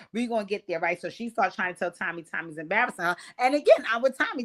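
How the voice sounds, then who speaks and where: A woman hosting a casual reality-show recap, talking in a brash, profane, animated way. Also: medium pitch, fast. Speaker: host.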